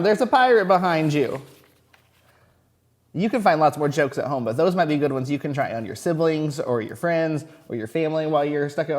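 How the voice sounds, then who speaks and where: A man's voice: on the high side, darkish tone. A young man, a first grade teacher, talking casually to young children at home. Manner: friendly, telling knock-knock jokes.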